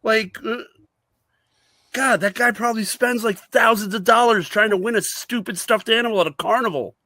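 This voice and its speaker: A man's voice: high voice, normal speed, bright, forceful tone, dry recording. A man co-hosting a sports podcast in casual chat, sarcastic and mocking, slipping into whiny put-on voices. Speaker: podcast co-host.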